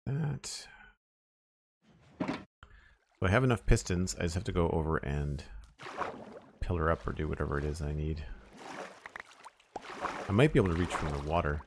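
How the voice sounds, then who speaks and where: A man's voice: rumbling low, expressive, normal speed, creaky, pauses often, noisy background. A man streaming a survival game, thinking aloud and mumbling as he plays, trailing off with "uh" and reading chat now and then. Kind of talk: casual gameplay commentary.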